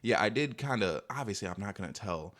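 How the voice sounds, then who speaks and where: A man's voice: on the low side, expressive, fairly quick, fairly bright tone. A young man vlogging, telling a rambling, defensive storytime full of filler words. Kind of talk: casual storytime monologue.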